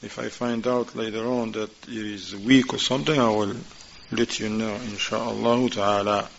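A man teaching a class, reading Arabic passages quickly and then explaining them in informal, conversational English while asking his students questions. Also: on the low side, fairly even intonation, gravelly, a little hiss or hum. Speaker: religious teacher. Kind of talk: class explaining a religious text. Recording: dull lo-fi recording.

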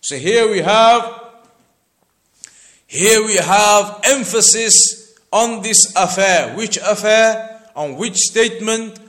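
A man with a fairly high voice teaching a verse-by-verse religious lesson. He speaks slowly and deliberately, circling back to repeat each key point for emphasis. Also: fairly bright tone. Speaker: Islamic teacher. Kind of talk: Quran explanation lecture.

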